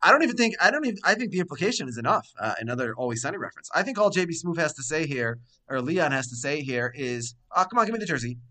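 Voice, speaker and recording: A man's voice: a little high, very animated, quick pace, hardly any pauses, sharp tone. A man co-hosting a podcast, giving wry, opinionated takes on an episode. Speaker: podcast co-host. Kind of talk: casual chat, reviewing an episode.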